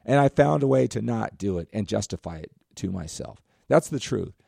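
A man's voice: on the low side, lively intonation, moderate pace, vocal fry, warm tone, dry recording, studio quality. A man in his fifties, a podcast host and coach, telling a story in a rambling, self-correcting way and often asking "right?". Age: 50s. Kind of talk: casual storytelling monologue.

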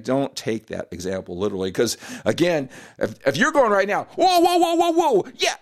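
Male motivational podcast host, slightly high voice, very lively delivery, direct and emphatic. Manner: animated, direct and emphatic, with frequent "right?" and "you know".

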